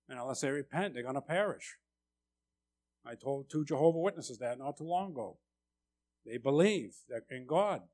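A man preaching a sermon, emphatic and deliberate, often asking "right?" to check in with his listeners. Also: a little high. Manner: slow, deliberate delivery with rising, urgent stresses.

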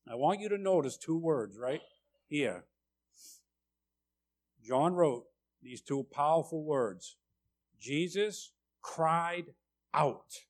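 Guy preaching a sermon real slow, bit of a high voice, keeps going "right?". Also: expressive. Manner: emphatic, repeats "right?" to check in with listeners; slow, deliberate delivery with rising, urgent stresses.

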